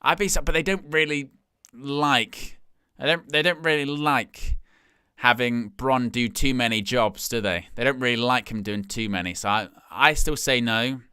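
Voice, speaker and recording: A man's voice: medium pitch, normal speed, bright, forceful tone, clean tone, no room sound, clean studio sound. A man hosting a live stream, giving casual watch-along commentary and thinking aloud as he talks.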